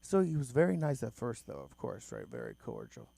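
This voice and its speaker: A man's voice: mid-range voice, huge pitch swings, fairly quick, gravelly, hardly any pauses, mellow, slight background noise. A young man from Boston doing a crude, self-mocking stand-up set on a club stage into a handheld mic. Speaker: stand-up comedian.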